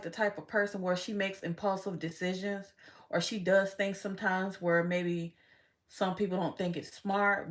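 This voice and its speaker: Brief: woman tarot reader on a casual vlog, frank and chatty, with loose cursing and frequent laughter. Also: mid-range voice. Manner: chatty, frank, swears freely, laughs often.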